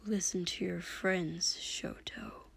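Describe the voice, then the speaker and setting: A woman voicing a scarred, menacing young man who speaks in slow, hushed, breathy tones with eerie cackles. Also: medium pitch, animated.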